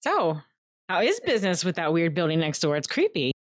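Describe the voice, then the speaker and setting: A woman playing a character in a tabletop game, blunt and playful in manner. Her voice sits on the low side. The sound is dry and close. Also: wildly swooping pitch, a little fast, no echo. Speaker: player.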